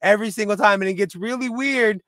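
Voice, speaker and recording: A man co-hosts a casual podcast, his voice fairly high and smooth, recorded close and dry. He rambles excitedly, piling up restarts and "like" as his thoughts run ahead. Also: quick pace, no echo. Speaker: podcast co-host. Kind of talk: casual chat.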